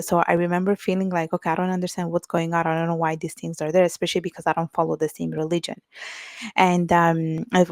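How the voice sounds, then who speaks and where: A woman's voice: fairly low pitch, no echo, studio quality. A young woman from Italy speaking as an author guest in a casual interview, hesitant with many fillers and restarts.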